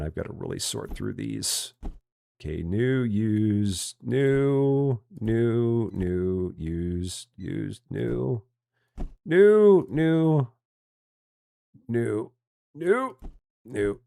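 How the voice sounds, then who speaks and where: Laid-back Midwestern man, low voice. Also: slow pace, vocal fry, pauses often. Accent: general Midwestern American. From Chicago, USA. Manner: relaxed, chatty, self-mocking, rambling with restarts. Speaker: gaming streamer. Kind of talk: casual live-stream chat.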